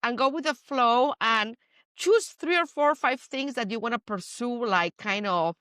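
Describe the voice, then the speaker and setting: A woman from Spain with a Spanish accent, hosting a podcast and telling stories in an animated, playful way. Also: a little high, moderate pace, smooth, no room sound, clean studio sound. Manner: animated storyteller, playful asides. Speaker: podcast host. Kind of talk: casual chat.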